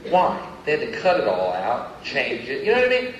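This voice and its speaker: Tired, sardonic stand-up comedian. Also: male voice, medium pitch, wildly swooping pitch, a little fast, recorded from a distance, crowd noise. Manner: sardonic, exasperated rants with sudden shouted bursts. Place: comedy venue stage. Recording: lo-fi audience bootleg, echoey venue. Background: audience and room ambience.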